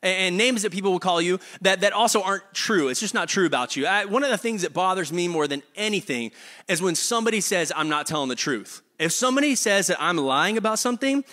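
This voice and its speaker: A high, bright male voice gives a relaxed, joking sermon to his congregation. He talks in a chatty way and stumbles over repeated words. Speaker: pastor. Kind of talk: casual, humorous sermon.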